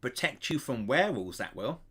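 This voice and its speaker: A man's voice: medium pitch, wildly swooping pitch, slow pace, pushed and bright, exaggerated voice. A man voicing a timid little hooded man who carves bones, sad and fearful at first and proud later.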